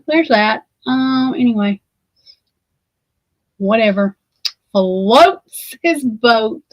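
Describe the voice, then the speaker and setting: A woman's voice: fairly high pitch, animated, extremely slow, long pauses, dry recording. Rambling, profane woman with an Alabama accent. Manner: rambling and profane, with frequent swearing. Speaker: host. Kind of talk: casual chat.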